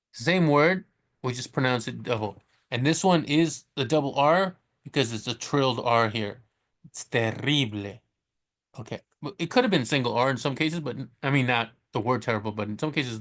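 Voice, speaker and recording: A man teaching Spanish in a casual way, chatty and correcting himself, who slows down to sound out each Spanish word. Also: mid-range voice, fairly bright tone. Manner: chatty, self-correcting, laughs at his slips. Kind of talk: casual screen-share lesson.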